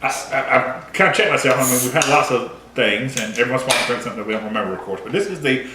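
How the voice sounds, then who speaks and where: A man's voice: mid-range voice, rapid-fire. Man hosting a casual beer tasting. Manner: relaxed, reads label notes aloud. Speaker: beer podcast host. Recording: echoey room with faint noise.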